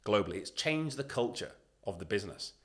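A man talking as a guest on a podcast interview, emphatic and animated, acting out what other people say as he makes his points. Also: lowish voice, fairly quick. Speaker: podcast guest, leadership consultant.

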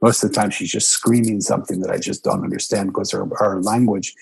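Gravelly-voiced man telling a heartfelt story. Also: level tone, fairly quick, rough recording. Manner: earnest, emotional, rises sharply in pitch when quoting himself.

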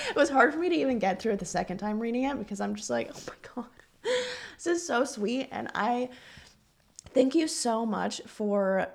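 Chatty woman with a gravelly edge. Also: mid-range voice. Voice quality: voice cracking. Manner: earnest, chatty, encouraging, with frequent fillers. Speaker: podcast host and business coach. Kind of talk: casual solo podcast talk.

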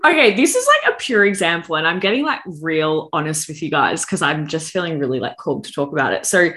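A young woman guest on a podcast, a business coach telling stories in a playful, animated way. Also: deep voice, fast talker. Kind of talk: casual podcast chat.

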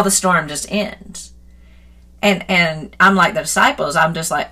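A middle-aged woman speaks earnestly into a phone, sharing a personal devotional as a Christian author. Her voice is bright and clear, and she moves between quiet reflection and lively, animated retelling. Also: mid-range voice, moderate pace. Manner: earnest and reflective, grows animated and laughing when retelling a story.

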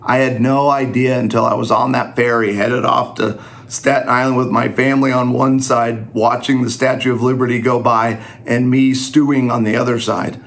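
A man's voice: mid-range voice, flat delivery, moderate pace, few pauses. A man teaching in a conversational sermon style, earnest and self-deprecating.

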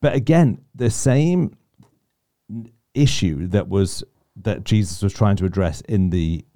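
A man's voice: fairly low pitch, lively intonation, slow pace, dark tone. A man co-hosting a casual faith discussion, reflective and often restarting his sentences. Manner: reflective, self-interrupting. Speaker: podcast co-host.

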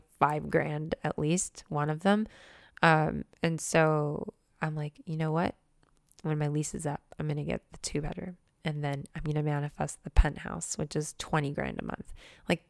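Young woman vlogging from her new apartment, gushy and sweary, raspy low voice. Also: dry recording, studio quality. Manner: excitable, gushing, swears casually. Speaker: podcaster and manifestation coach. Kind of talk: casual vlog chat.

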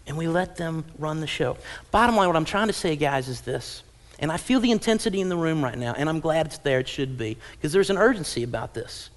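A man in his thirties delivers a church sermon, his voice sitting a touch higher than most men's. He preaches with animated storytelling and slips into playful voices for parents and children. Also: a little fast. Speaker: pastor. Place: church auditorium.

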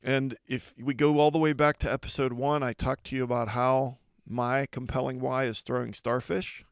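A middle-aged man with a gravelly, creaky edge to his voice gives an earnest motivational podcast talk. He speaks slowly and reflectively, pausing often. The sound is close and dry, with no room around it. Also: medium pitch, little pitch movement, dry recording. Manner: earnest, reflective, measured delivery with deliberate pauses. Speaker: podcast host.

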